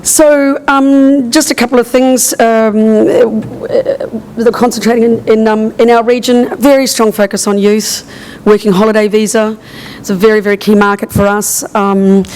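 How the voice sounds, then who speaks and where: A hoarse woman with a partly lost voice, presenting at a conference in a casual, chatty way full of ums. Her pitch stays fairly flat and even throughout. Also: poor audio. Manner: chatty, many fillers. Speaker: tourism regional manager presenting.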